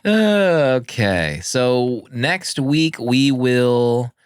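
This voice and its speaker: A man's voice: mid-range voice, expressive, very slow, clean tone, dry recording, studio quality. A man hosting a podcast, talking casually about a film and wrapping up the episode. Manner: chatty, laughs often, wraps up the show. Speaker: podcast host.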